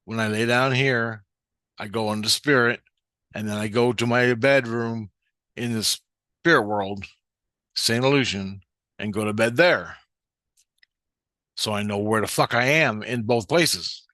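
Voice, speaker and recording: Man, rambling spiritual story, swears a lot, sharp bright tone, dry close sound. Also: on the low side, unhurried, pauses often, dry recording. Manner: profane, meandering, with frequent restarts. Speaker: spiritual vlogger.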